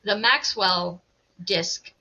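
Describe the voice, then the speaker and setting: A woman coach speaking as a podcast guest, explaining things in a lively way and laughing easily. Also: medium pitch, drawn-out words, rough recording. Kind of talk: casual interview explanation.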